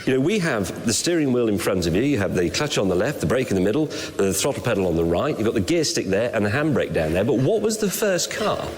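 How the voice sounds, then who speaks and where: A man's voice: lowish voice, very animated, fast, few pauses, darkish tone. A man co-presenting a TV show in a dry, wry, explanatory way. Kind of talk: scripted TV presenting. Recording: TV clip with long reverb.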